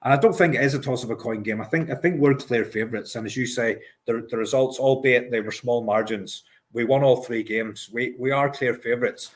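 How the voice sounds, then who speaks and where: A man's voice: medium pitch, fairly quick, hardly any pauses. Hesitant Scottish man on a podcast. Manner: hesitant, repeats words at the start of phrases. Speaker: podcast co-host. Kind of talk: casual football podcast chat.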